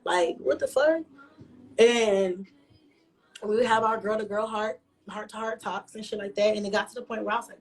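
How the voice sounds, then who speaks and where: A woman's voice: medium pitch, moderate pace. A woman vlogger telling a story to camera, profane and emphatic. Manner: profane, emphatic, animated retelling.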